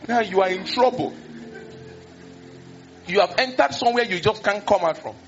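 A male pastor, preaching a sermon in an animated way, acting out scenes and exclaiming. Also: high-pitched, normal speed, faint music behind. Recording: dull lo-fi recording.

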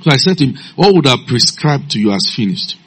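A man preaching a sermon, telling stories in a low calm voice and breaking into loud shouted commands. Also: fairly quick, breathy edge.

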